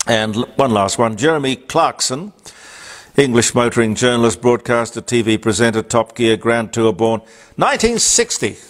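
This older radio talk host has an Australian accent and a mid-range voice with fairly even intonation at normal speed. He runs a casual on-this-day segment, reading items while wandering into asides and using fillers.

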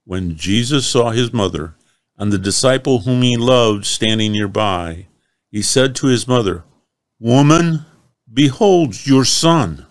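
A man reading scripture aloud in a solemn, measured way. His voice sits on the low side and moves at a very slow pace. The recording is dry and close. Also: no room sound. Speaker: scripture reader. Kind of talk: Bible reading.

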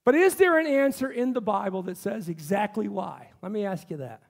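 A male pastor with a notably high voice delivers an impassioned sermon in a church. He keeps turning to the congregation with questions and pressing his point. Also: expressive, brisk, vocal fry. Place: church sanctuary.

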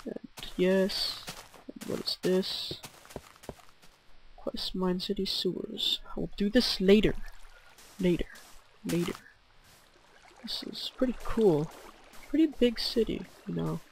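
A teenage boy with bronchitis commentates his gameplay at an unhurried pace, mumbling as he reads signs aloud. Now and then he lets out sudden yelps. A faint hiss sits under his computer mic. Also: high voice, vocal fry, poor audio. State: has bronchitis. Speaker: gaming channel host. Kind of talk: casual game commentary.

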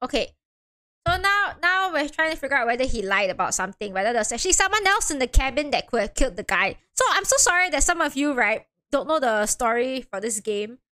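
Giggly high-voiced streamer woman. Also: very animated, brisk, pushed and bright. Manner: giggly, apologetic, scattered. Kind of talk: casual game-stream chatter.

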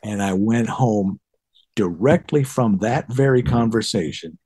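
A middle-aged man from Detroit, a bassist guest in a casual interview, telling stories and acting out past dialogue. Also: measured pace, breathy edge. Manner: animated, acts out past dialogue in higher voice.

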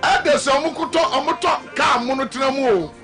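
A Ghanaian man preaching on a live broadcast, his voice pitched very high and ringing bright. He half-sings his lines and now and then breaks into a shout. Faint music plays beneath him. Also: moderate pace. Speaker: prophet preaching on a live radio and TV show. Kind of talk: live broadcast sermon and talk.

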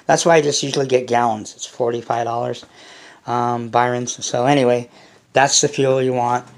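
A man's voice: mid-range voice, flat delivery, moderate pace. A man hosting a casual unboxing vlog, rambling and blunt, swearing freely as he talks to his viewers. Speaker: hobby channel host.

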